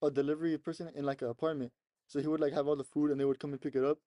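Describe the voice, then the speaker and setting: Laid-back young man with a dark voice. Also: a little high, flat delivery, rapid-fire, no room sound. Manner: laid-back, laughs often while retelling clips. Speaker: podcast co-host. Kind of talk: casual chat.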